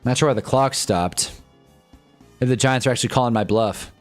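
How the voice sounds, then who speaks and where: Young male streamer, medium pitch, exasperated wry play-by-play, faint music in the background. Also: moderate pace. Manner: wry, exasperated fan commentary, loose and rambling. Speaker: livestream host reacting to a football game. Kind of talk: casual live commentary and chat.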